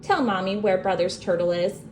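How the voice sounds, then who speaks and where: A woman's voice: medium pitch, normal speed, darkish tone, a little hiss or hum, close to an everyday voice. A woman voicing a busy mother who fusses and scolds, in a storybook read-aloud. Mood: flustered. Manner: fussy, scolding tone. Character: busy mother, fussing and flustered.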